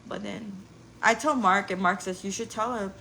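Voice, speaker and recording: A woman's voice: medium pitch, normal speed, gravelly, sharp tone, rough recording. A woman in her forties chatting on a live stream as a mother, candid and casual, swearing lightly and laughing often. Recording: noticeable background noise.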